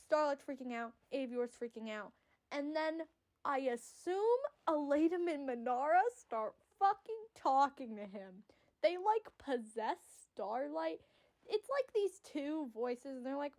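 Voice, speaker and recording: A woman giving casual, excitable fan commentary on a story, rambling and swearing freely. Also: sits high, normal speed. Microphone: audio-only recording.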